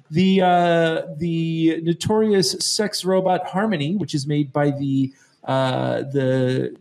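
Joking podcast host, halting speech. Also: male voice, on the high side, a little mellow. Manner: joking, halting with many fillers and restarts. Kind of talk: casual podcast chat.

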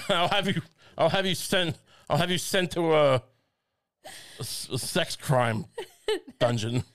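A man's voice: fairly high pitch, expressive, slow pace, pauses often, a bit bright. A man co-hosting a comedy podcast, rambling and stammering through jokes and laughing at his own bits. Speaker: podcast co-host. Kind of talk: casual comedic chat.

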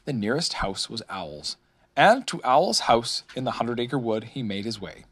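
A man narrating a children's storybook in a lively, expressive way, voicing many characters. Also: medium pitch, moderate pace, slightly rough. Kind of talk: storybook reading.

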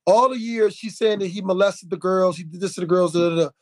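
A man's voice: high-pitched, fast, no echo. Fired-up man telling a story on a podcast. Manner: animated storytelling, acts out quotes, many fillers and restarts. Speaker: podcast host. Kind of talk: casual podcast conversation.

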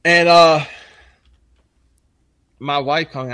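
A man's voice: a little slow, long pauses, no room sound. A man telling crude, rambling stories in casual profane chat. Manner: crude, rambling, animated impressions with shrill mocking voices.

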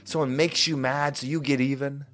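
A man's voice: mid-range voice, steady tone, normal speed, a bit bright. A man hosting a motivational podcast, speaking in an earnest, emphatic and repetitive way. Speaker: podcast host. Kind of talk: motivational monologue. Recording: faint music underneath.

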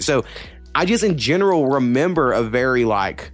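A man's voice: mid-range voice, big pitch swings, normal speed. Young adult man, loose rambling co-host, heavy swearing, faint music bed. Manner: rambling, swears a lot, many fillers. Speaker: podcast co-host. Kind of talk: casual chat.

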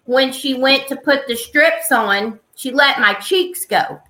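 A woman on a podcast speaks bluntly and playfully. Her voice is high and bright, and the room gives it an echo. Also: slow pace. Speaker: podcast guest. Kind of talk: casual chat.

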